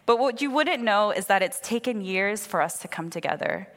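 A woman in her thirties giving a sermon, praying and then telling candid, animated stories in a conversational way. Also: mid-range voice, moderate pace. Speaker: preacher. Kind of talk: sermon with opening prayer. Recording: long hall reverb.

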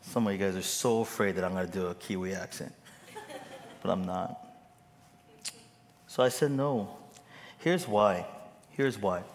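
A man's voice: sits low, normal speed, long pauses, long reverb tail, slight background noise. A man preaching a sermon, telling stories with humor and building to emphatic exhortation. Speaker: pastor.

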